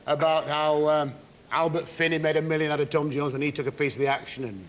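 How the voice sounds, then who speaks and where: A man's voice: fairly high pitch, fairly even intonation, fairly quick. A man with a Northern English accent, a chat show guest telling anecdotes in a dry, blunt way. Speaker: actor guest. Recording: faint hiss on an old TV recording.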